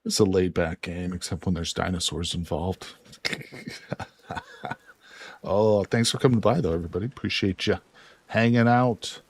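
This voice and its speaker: A man's voice: low-pitched, fairly even intonation, moderate pace, long pauses, husky. A man from Illinois casually commentating a multiplayer game on a live stream, laid-back and joking as he goes. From Illinois, USA.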